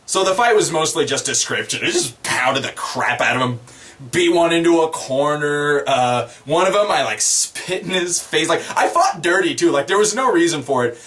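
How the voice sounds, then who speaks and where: He describes a tabletop game session at a moderate pace in a fairly high-pitched voice. The storytelling is casual and meandering, sprinkled with chuckles and animated as he relives it.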